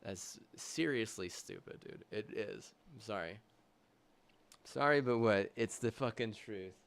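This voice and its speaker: A man's voice: fairly low pitch, unhurried, creaky. Heated, profane male streamer ranting. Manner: heated, profane, swearing constantly; agitated, rising loud bursts. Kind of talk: angry livestream rant.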